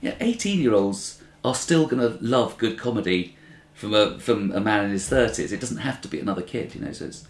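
A man's voice: lowish voice, expressive, fairly quick. Man, 30s, interviewee, rambling, echoey room. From Britain. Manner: rambling, self-interrupting, acts out quoted voices. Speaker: comedian being interviewed. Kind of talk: conversational interview. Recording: roomy interview recording.

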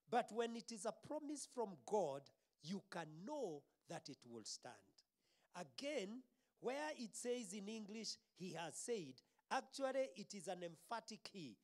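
Slow, emphatic Kenyan pastor preaching. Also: male voice, high voice. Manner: emphatic preaching with drawn-out words that trail off softly. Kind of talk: sermon.

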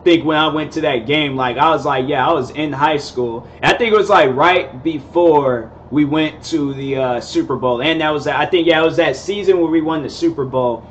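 A man's voice: on the high side, normal speed, hardly any pauses, slight background noise. A young man in his twenties telling a rambling, casual story, full of fillers and laid-back slang. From Seattle area, USA. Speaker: vlogger host.

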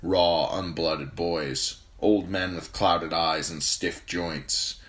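Low-voiced male hobby reader, steady fantasy narration. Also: takes it slowly. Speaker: amateur audiobook reader. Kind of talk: reading a fantasy novel aloud.

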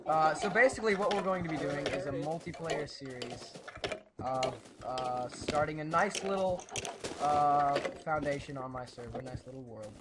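A man hosting a casual gameplay commentary, excitable and prone to bursts of panicked yelling. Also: fairly high pitch, measured pace, heavy background noise. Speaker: gaming channel host.

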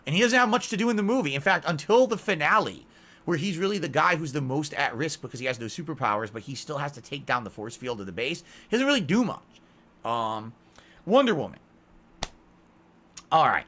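A man's voice: on the high side, very animated, a little fast, fairly bright tone. A man giving a rambling, unscripted movie review, repeating himself as he goes. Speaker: video reviewer.

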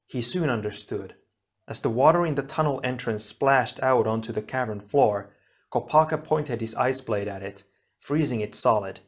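A man narrating an action storybook in a steady, even reading voice. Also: mid-range voice, normal speed. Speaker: audiobook reader.

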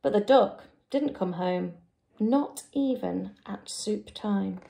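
A teacher reading a picture book aloud to young children, with an expressive, drawn-out delivery. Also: female voice, medium pitch, vocal fry. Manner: expressive, drawn-out, lively character voices.

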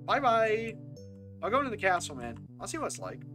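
Brief: animated, swearing live-stream gamer, lively pitch, faint music. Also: brisk. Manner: excitable, swears freely, swings between loud and hushed. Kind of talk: casual live game commentary.

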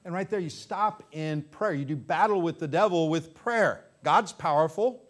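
A man's voice: a little high, normal speed, hardly any pauses. A pastor preaching a sermon with fervor, repeating phrases for emphasis before his congregation. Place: church sanctuary.

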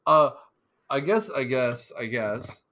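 A man's voice: medium pitch, lively intonation, takes it slowly, bright, forceful tone. Male podcast host, casual, rambly, acts out scenes. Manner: rambling, many fillers and restarts, acts out scenes.

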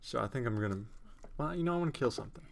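A young man casually commentating his own gameplay at home on a desktop microphone, rambling and self-mocking with sudden excited outbursts. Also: medium pitch, rapid-fire, vocal fry, a little hiss or hum. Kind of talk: casual let's-play commentary. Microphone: desktop USB microphone.

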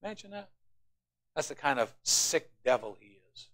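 Man preaching a lively call-and-response sermon. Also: fairly high pitch, normal speed. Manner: preaching with call-and-response, swinging from soft asides to loud emphasis. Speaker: pastor.

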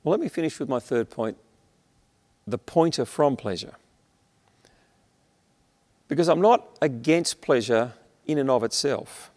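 A man with an Australian accent preaching an earnest sermon, slowing on key words and letting his sentences fall away at the end. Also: medium pitch, lively intonation, darkish tone. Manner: earnest, emphatic preaching with slowed stresses and dropping endings. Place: church, streamed online. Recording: long hall reverb.

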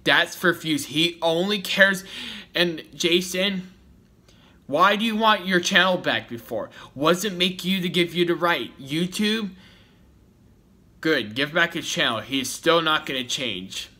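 Man, vlog rant, repetitive, confrontational, raised pitch. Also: animated, unhurried, pushed and bright. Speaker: YouTuber. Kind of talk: ranting vlog commentary.

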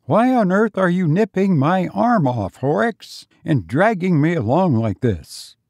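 A man's voice: high voice, very animated, drawn-out words, vocal fry, a little mellow, dry recording, voice pushed up, heavily acted. A man voicing a nervous, resentful visitor who talks with a snarl underneath. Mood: tense.

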